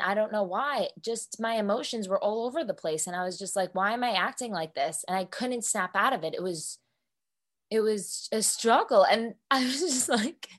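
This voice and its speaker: A woman's voice: medium pitch, a bit bright. Candid, swearing young woman podcaster. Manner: candid, emotional, swears freely. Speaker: podcast co-host. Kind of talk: casual solo podcast chat.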